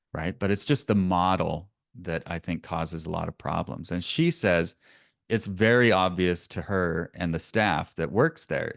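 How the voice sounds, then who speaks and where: A man's voice: sits low, no echo, clean studio sound. A man presenting a business webinar in a conversational way, often correcting himself and chuckling now and then.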